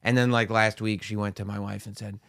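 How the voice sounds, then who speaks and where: A man in his thirties co-hosts a podcast in a low voice, trading dry, teasing jokes in casual conversation. The sound is close and dry, with no room echo. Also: little pitch movement, fairly quick, vocal fry, fairly bright tone. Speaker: podcast co-host. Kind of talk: casual chat.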